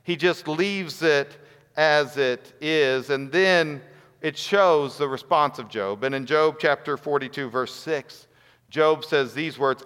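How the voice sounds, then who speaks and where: A man's voice: on the high side, takes it slowly, a bit bright, smooth. A man preaching a sermon in an earnest voice, building to rhetorical questions. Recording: long hall reverb.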